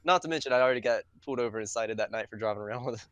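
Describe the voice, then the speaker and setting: A man's voice: mid-range voice, racing, fairly bright tone, no room sound. Swearing, laughing young man telling a story. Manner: laughing, swearing often, loose and rambling. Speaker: podcast co-host. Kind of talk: casual storytelling among friends.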